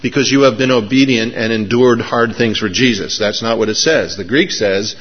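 Male preacher, dramatic storyteller, mid pitch, muffled lo-fi recording. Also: normal speed, husky. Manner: dramatic storyteller, shifts between soft and loud. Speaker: pastor. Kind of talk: sermon with a told story. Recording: dull lo-fi recording.

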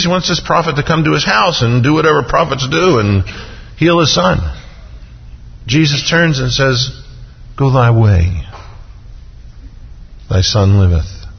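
A man preaching a sermon in an earnest manner, his voice rising on key points and slowing on quoted scripture. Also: gravelly, breathy edge. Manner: earnest, rises in pitch when stressing points, slows on quoted scripture. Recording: dull sound with long hall reverb.

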